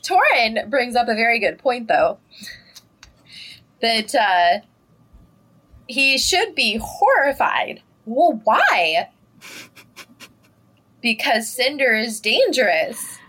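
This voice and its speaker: Host: animated woman, husky edge, high and swooping, chatty book recap. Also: takes it slowly, long pauses. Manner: animated, laughs often. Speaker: podcast host. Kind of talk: casual book discussion.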